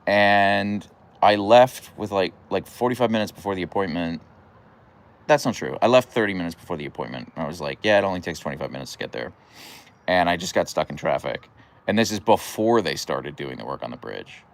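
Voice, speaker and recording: A man's voice: sits low, lively intonation, moderate pace. A young man chatting casually on a livestream at home, rambling through stories and answering viewer comments. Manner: rambling and chatty, full of fillers and restarts. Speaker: dog owner livestreaming his huskies. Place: at home, on a deck by his dogs.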